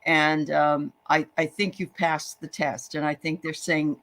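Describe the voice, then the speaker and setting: Chatty, joking woman show host. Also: low voice. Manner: lively, chatty, quick to joke and laugh. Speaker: host of a live spiritual show. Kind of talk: live show chat and spirit readings.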